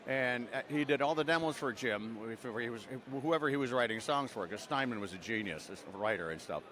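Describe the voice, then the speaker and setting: A man's voice: medium pitch, animated, a little fast, fairly bright tone. An older man from Canada, a voice actor guest, telling long rambling stories full of fillers and restarts in a casual interview outdoors at a convention.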